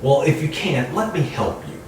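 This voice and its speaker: A man's voice: on the high side, expressive, normal speed, a little hiss or hum. A man doing a playful, mock-confused comedy routine, chatting with an imagined audience. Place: room at home. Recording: distant mic in an echoey room with faint ambience.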